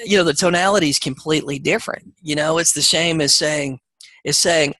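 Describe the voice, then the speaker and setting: A man's voice: on the high side, fairly quick, pushed and bright, dry recording, poor audio. A man with a Southern accent coaching real estate agents on a group call, rambling and conversational with lots of fillers.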